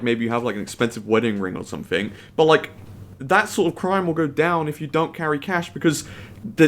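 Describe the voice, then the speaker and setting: Young male co-host, argumentative, insistent debater. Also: on the high side. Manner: argumentative, pushes his point. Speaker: podcast co-host. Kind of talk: casual chat, debating.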